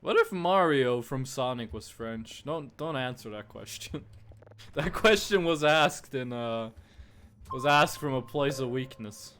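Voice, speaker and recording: Give me a young male streamer, unhurried and playful, chatting with viewers as he plays. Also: medium pitch, expressive, fairly bright tone, slight background noise. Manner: playful, teasing, answers chat while playing. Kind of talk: casual live game stream chat.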